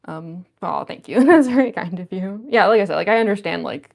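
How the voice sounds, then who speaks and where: A woman's voice: medium pitch, lively intonation, brisk, creaky, a little mellow. A woman chatting casually on a livestream, reading viewer comments aloud and giggling often. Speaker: cosplayer livestreamer.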